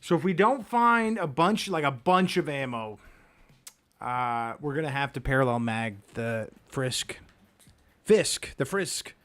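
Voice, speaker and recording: A man's voice: mid-range voice, animated, measured pace, fairly bright tone. A man giving let's-play commentary as he plays, chatty and self-mocking, reacting aloud to the game. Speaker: gaming video creator.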